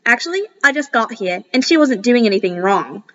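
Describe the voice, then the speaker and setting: A woman voicing a calm, brooding young man with a put-on British accent, speaking low and quietly. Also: a little fast, muffled recording. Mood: firm.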